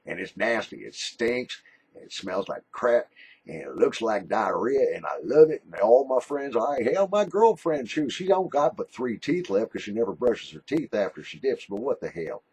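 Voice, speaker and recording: A man voicing a crude, dip-chewing redneck man in a put-on redneck drawl, boastful and loud. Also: mid-range voice, very animated, normal speed, husky, voice pushed up, exaggerated voice. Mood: gleeful.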